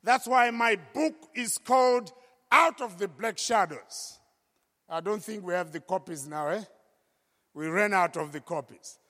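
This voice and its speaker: A man telling his life story to an audience in an emphatic testimony style, at times raising his voice to a shout. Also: high voice, expressive, a little slow. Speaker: speaker giving a personal testimony. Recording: long reverb of a large hall.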